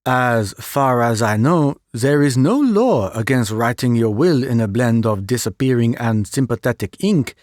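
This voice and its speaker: A man voicing a fussy, vain, excitable middle-aged Belgian detective who drops French phrases, in an audiobook reading. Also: medium pitch, a little slow, few pauses, no echo, clean studio sound, close to an everyday voice.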